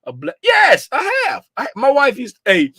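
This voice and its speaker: A middle-aged man hosting a casual livestream, greeting viewers by name, sometimes dropping to a hushed, confiding tone. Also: very high voice, wildly swooping pitch, a little slow, breathy edge, no room sound. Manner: drops to a hushed, confiding tone at times. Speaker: livestream host.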